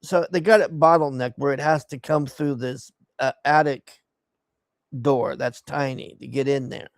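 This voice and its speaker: A man's voice: mid-range voice, fairly even intonation, measured pace, creaky, no room sound, clean studio sound. A man giving a profane, exasperated recap of a movie he hated, scornful of its plot. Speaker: movie reviewer. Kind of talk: casual ranting movie recap.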